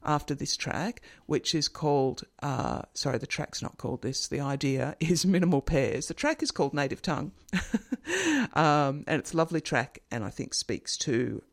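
Gravelly-voiced man explaining sound systems. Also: fairly high pitch, sing-song, moderate pace. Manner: conversational, many fillers, explains with examples. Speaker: host explaining linguistics. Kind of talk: casual educational talk.

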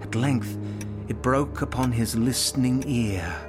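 A man narrating a classic story in a measured, expressive way, sometimes dropping to a whisper. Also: mid-range voice. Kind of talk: dramatic audiobook reading. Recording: narration over music.

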